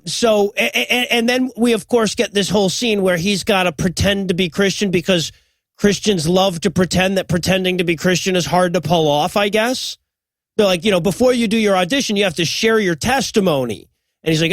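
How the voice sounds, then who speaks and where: Male podcast co-host recapping a film; high, dry, sarcastic. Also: no room sound. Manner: wry, sarcastic retelling. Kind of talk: casual comedic plot recap.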